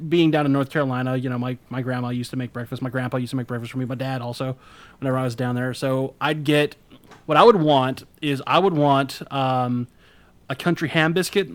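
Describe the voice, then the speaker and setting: A man's voice: mid-range voice, fairly even intonation, fairly quick, no room sound. A man co-hosting a podcast, chatting casually and rambling, with casual swearing. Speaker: podcast co-host. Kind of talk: casual chat.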